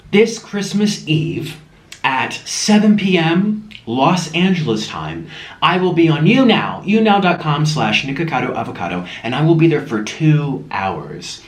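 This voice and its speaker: A man chatting casually to viewers while eating on camera, gushing and chatty, sometimes talking with his mouth full, at home. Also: a little high. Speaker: mukbang vlogger. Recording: echoey room with faint music.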